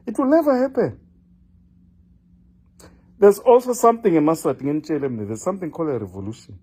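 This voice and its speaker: An older male political commentator delivers an impassioned monologue straight to his audience, scolding, lecturing, and repeating a name for emphasis. His gravelly, husky voice has a dark, mellow tone, with pitch swinging widely as he presses his points. He's very animated, talking quickly but pausing often.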